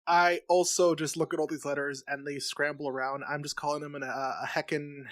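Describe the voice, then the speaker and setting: A woman's voice: low voice, level tone, a little fast. A woman guest on a podcast in casual chat, wry and joking, cutting in with quips.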